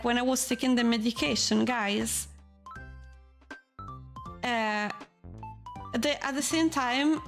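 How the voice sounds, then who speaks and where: A woman from Switzerland chatting casually on a live stream, rambling and animated, frank and sometimes swearing. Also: high-pitched.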